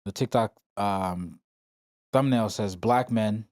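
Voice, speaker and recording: A man's voice: on the low side, takes it slowly, darkish tone, no echo, studio quality. A young man co-hosting a casual podcast, laughing easily and reading definitions aloud. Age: young adult. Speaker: podcast co-host.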